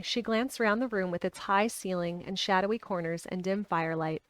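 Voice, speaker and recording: A woman reads a novel aloud on a live stream from her home and breaks off for chatty asides to viewers. Her pitch is in a middle range. The recording is dry, without room echo. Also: normal speed, hardly any pauses. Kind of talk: live-streamed book reading. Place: home with dogs around.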